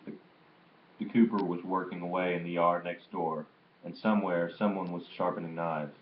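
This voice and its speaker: A man reading a memoir aloud in a steady, plain manner with small slips and restarts. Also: sits low, moderate pace, roomy sound, highs cut off, a little hiss or hum. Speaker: audiobook reader.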